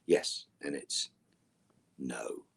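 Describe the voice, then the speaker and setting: A man, an actor, reading fan questions aloud in a brighter voice and answering in a dry, low way that trails off. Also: drawn-out words. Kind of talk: virtual fan panel Q&A.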